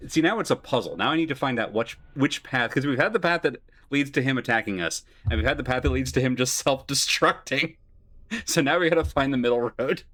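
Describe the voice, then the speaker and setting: A man's voice: mid-range voice, lively intonation, a little fast, a bit bright, dry recording. A man hosting a let's play, reading game text aloud and commenting with playful, chuckling asides.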